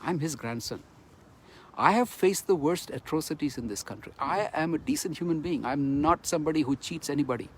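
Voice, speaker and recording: A man's voice: a little high, expressive, a little fast, a little hiss or hum. A middle-aged man from Kerala with an Indian English accent, giving an impassioned, emphatic testimony straight to camera and repeating phrases for force. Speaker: speaker giving a personal testimony.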